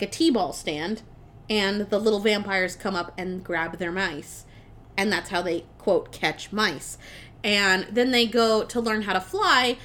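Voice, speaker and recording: A young woman casually retelling a movie plot on a podcast, animated and chatty, with lots of fillers and swearing. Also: medium pitch. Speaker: podcast co-host. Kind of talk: casual film recap.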